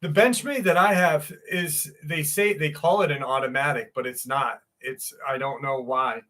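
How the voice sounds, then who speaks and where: A man's voice: on the high side, normal speed, pushed and bright. A man hosting a casual livestream, chatting loosely with viewers and cursing freely. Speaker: livestream host.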